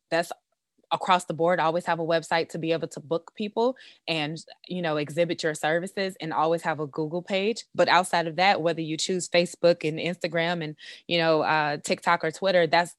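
A woman's voice: low-pitched, no room sound, clean studio sound. A woman, a beauty business owner and coach, talking confidently in a podcast interview with many "you know"s. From United States. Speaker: esthetician and business coach guest.

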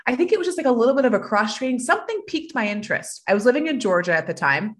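A woman who coaches athletes, a guest on a podcast, speaking in a calm, motivational and reflective way. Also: medium pitch, brisk. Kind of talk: casual interview chat.

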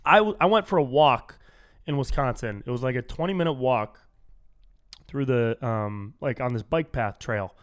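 A young man from California hosting a solo comedy podcast, telling casual stories and acting out strangers he quotes. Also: moderate pace. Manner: animated storytelling, acts out quoted strangers in higher voice.

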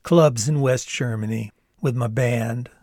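A cool, unhurried young rock musician, put on by a male narrator in a storybook reading, drawling so his words slide into each other. The voice sits at an ordinary middle pitch and sounds dry and close. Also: dry recording. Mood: laid-back. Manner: relaxed drawl, words slurring together. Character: laid-back drawling American rocker man, mid-twenties.

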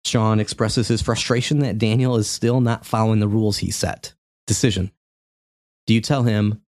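A man in his forties casually recapping a video game for a podcast, telling the story with animated energy and frequent laughter. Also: lowish voice, moderate pace, dry recording, studio quality. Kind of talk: casual chat.

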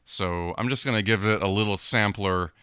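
A man's voice: lowish voice, normal speed, sharp tone, smooth, dry recording, clean studio sound. A young man co-hosting a casual film podcast in a laid-back, easygoing way. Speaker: podcast co-host.

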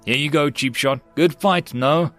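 A man's voice: fairly high pitch, unhurried, a bit bright, soft background music. A man voicing a male alien tank commander who gives curt orders, in an audiobook. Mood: commanding.

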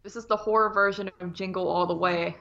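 A woman's voice: medium pitch, steady tone, a little fast, fairly bright tone. A woman co-hosting a casual film review chat, giving brief, agreeable replies. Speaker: podcast co-host. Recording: dull, muffled recording.

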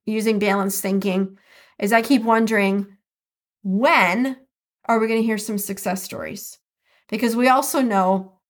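A woman hosting her own podcast and talking alone, earnest and reflective, drawing out key words slowly for emphasis. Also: medium pitch. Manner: earnest, reflective, speaks with slow emphatic stresses. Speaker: podcast host. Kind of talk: solo podcast commentary.

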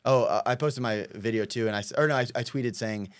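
Rambling, fast-talking young man. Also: mid-range voice, no room sound. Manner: rambling, swears a lot, many fillers. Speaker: podcast guest, prankster. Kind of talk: casual chat.

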